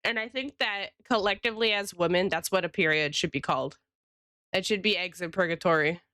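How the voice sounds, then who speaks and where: A woman's voice: lowish voice, brisk, sharp tone, no room sound. A woman streamer and illustrator chatting casually with her live viewers, rambling and greeting them by name.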